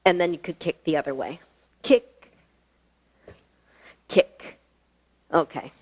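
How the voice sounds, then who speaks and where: This yoga instructor talks fast in a voice that sits low, teaching a live online class from a fitness studio. Encouraging and chatty, she laughs frequently and is slightly breathless.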